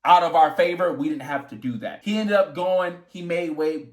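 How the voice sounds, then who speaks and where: A young man, a boxer telling his story casually, animated and swearing as he acts out quotes. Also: sits high, normal speed. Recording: echoey room.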